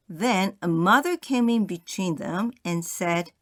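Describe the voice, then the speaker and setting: A woman reading short jokes aloud for English learners, telling them clearly and expressively. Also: fairly low pitch, animated, takes it slowly, hardly any pauses, no room sound, studio quality. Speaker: reader of a language-learning audio book.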